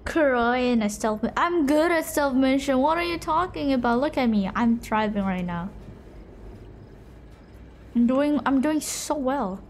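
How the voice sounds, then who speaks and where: A young woman streaming a game live, teasing her chat and breaking into shrieks and shouts. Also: sits high, lively intonation, measured pace, a little hiss or hum. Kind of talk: live gameplay commentary.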